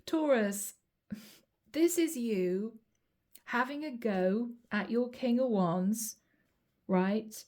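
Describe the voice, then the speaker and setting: A European woman reads tarot cards to camera in a chatty way, calling her viewers "guys" and acting out quoted lines. Her voice is slightly high and a little mellow, and she draws out her words and pauses often.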